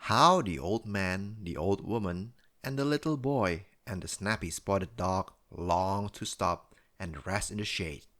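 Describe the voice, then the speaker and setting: A man reading a children's bedtime story aloud, with expressive storybook narration. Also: sits low.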